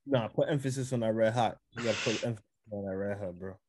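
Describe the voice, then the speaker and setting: A man's voice: lowish voice, fast, background noise. A man co-hosting a casual sports podcast, laid-back, laughing easily and repeating his points for emphasis. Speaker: podcast co-host.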